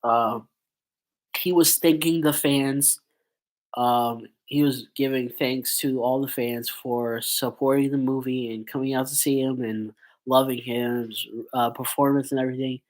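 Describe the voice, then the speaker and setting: A man's voice: mid-range voice, fairly even intonation, a little slow, low-quality recording. A man with a stuffy nose from a cold, chatting in a rambling casual commentary vlog with lots of fillers. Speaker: YouTuber.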